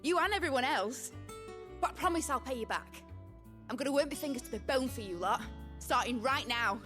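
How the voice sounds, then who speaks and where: A woman's voice: sits high, lively intonation, fairly quick. An actress playing an eager, spirited young woman tinkerer in a game. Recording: game audio from far under music.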